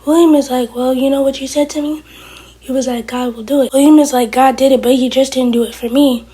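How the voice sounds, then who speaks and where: A woman's voice: high voice, steady tone, brisk, dark tone. A woman reviewing a TV episode in a casual recap, retelling each scene by quoting the characters.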